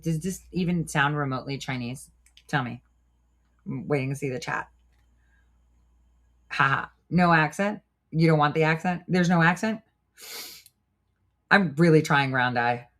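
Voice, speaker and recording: A woman hosting a live stream, giving blunt, profane commentary and talking back to her chat. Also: low-pitched. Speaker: show host.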